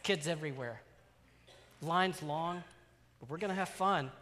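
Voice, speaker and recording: A man preaching a storytelling sermon as a pastor, animated, swinging from loud exclamations to hushed asides. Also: a little high, a little slow, a little hiss or hum. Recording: long hall reverb.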